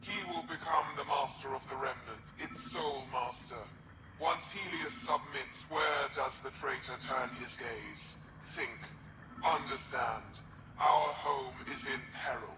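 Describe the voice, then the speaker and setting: A man's voice: mid-range voice, very noisy, natural voice. A man voicing a cold alien traitor, echoing. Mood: cold solemn. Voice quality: solemn, measured, echoing. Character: scheming alien Kett traitor, cold and formal. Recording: echoey game audio over loud music.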